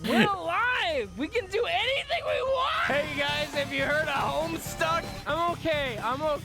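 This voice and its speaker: A drunk, giddy man streaming a game, laughing, shouting and rambling at his desk. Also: very high-pitched, animated, normal speed. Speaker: streamer and video creator. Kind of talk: casual stream commentary over gameplay. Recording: loud music over the voice.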